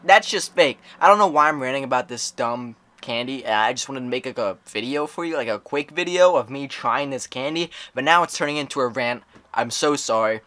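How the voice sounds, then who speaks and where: A young adult man from Maryland, USA, vlogs a candy taste test, rambling dramatically and saying "like" and "you know" constantly. His medium-pitched voice is animated, brisk, pushed and bright.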